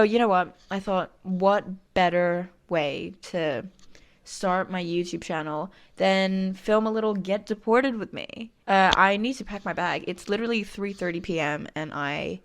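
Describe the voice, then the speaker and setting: Chatty young woman with a lisp. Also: lowish voice. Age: 20s. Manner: chatty, frequent "like" fillers, self-deprecating. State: missing a tooth. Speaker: vlogger. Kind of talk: casual storytelling vlog.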